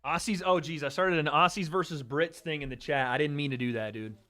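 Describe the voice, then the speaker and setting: A man hosts a livestream watch party, loosely chatting with viewers as he reacts live to the fights, swearing and laughing throughout. His voice is a little high, bright and forceful, and he speaks briskly.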